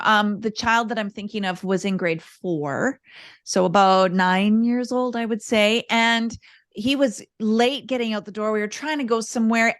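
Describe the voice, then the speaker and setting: A woman guest on a podcast, a parenting coach telling candid, animated stories in casual interview chat. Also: on the high side. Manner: earnest, animated, candid storytelling.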